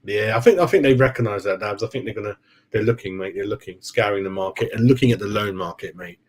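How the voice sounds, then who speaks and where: A man's voice: on the low side, quick pace. A man hosting a casual football fan live stream, rambling and chatty, calling viewers "mate" and forgetting names. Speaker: football fan channel host.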